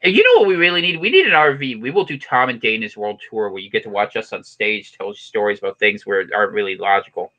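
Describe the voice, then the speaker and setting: A man co-hosting a live stream show, chatting casually and jokingly, rambling and quick to laugh. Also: lowish voice, very animated, sharp tone, dull audio. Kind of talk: casual political chat.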